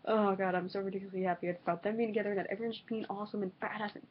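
A woman's voice: mid-range voice, rapid-fire, a little hiss or hum. Gushing young woman fan, dull lo-fi audio. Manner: gushing, excitable, lots of swearing and fillers. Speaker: reaction video host. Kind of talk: excited casual vlog reaction.

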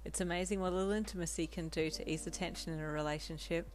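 A woman narrating a second-person fan audio story in a steady, intimate reading style. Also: on the low side, quick pace. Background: soft lo-fi piano backing music.

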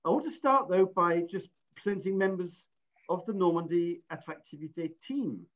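A man's voice: high-pitched, normal speed. Chatty Englishman hosting a webinar. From England. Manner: chatty, self-deprecating, restarts often. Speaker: webinar host. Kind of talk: online webinar presentation. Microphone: video call. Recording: muffled lo-fi video call audio.

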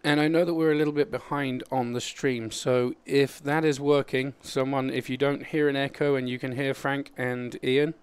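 A man's voice: mid-range voice, flat delivery, smooth. A man with an Australian accent hosting a live stream, chatting casually and laughing as he sorts out technical problems. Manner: chatty, halting, laughs often while fixing tech.

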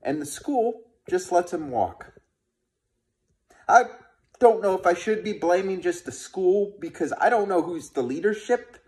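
This sports fan vlogger has a high yet darkish-toned voice. He rants furiously and profanely at his audience, repeatedly starting over mid-thought.

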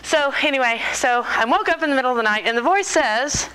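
A woman in her forties with a high voice, telling jokey stories to a crowd, bright and bouncy, always on the edge of laughing, her pitch swinging up and down. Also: fairly quick, a little hiss or hum, rough recording. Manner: animated, joking, laughs often. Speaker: speaker. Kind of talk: storytelling talk to an audience.

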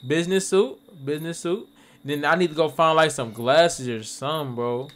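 A man playing a voice-chat game on his channel, talking loud and playful with lots of slang. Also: on the high side, moderate pace, soft background music. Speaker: gaming YouTuber.

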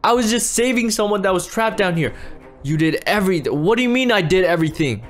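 A man's voice: high-pitched, animated, brisk, soft background music. A man acting out a game role-play as a frantic father, pleading and repeating himself. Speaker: role-play creator and lead player.

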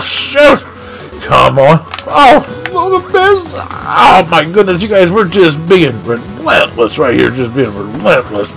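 A man commentating his own video game play live, excitable and shouting at the action. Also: high voice, creaky. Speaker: gaming channel host.

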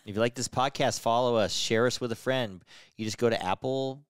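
A man's voice: mid-range voice, a little fast, clean tone, no room sound, clean studio sound. A man hosting a casual podcast chat with his wife, telling stories in a loose, joking way. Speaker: podcast host.

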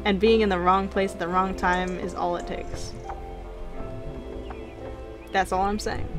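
A woman reading out a stern woman police officer from a game, giving measured warnings over game music. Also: mid-range voice, level tone, natural voice. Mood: ominous.

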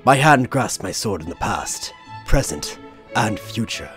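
Brooding warrior, very low and slow, mock-epic, as a man puts him on. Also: very animated. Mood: mock-solemn. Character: brooding weary male warrior, gloomy. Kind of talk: mock-epic dramatic reading. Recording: violin music behind.

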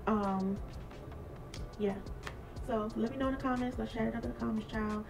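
A woman vlogger telling a workplace story in a sassy, animated way, laughing along as she goes. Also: a little high, normal speed, creaky, distant mic, music in the background, low-quality recording. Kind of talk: casual storytime vlog.

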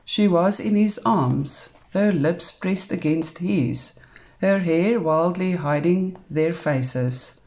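Slow, mellow South African woman reading. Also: fairly low pitch. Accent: South African English. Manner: calm, unhurried narration with small slips. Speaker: storybook reader. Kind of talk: reading a novel aloud.

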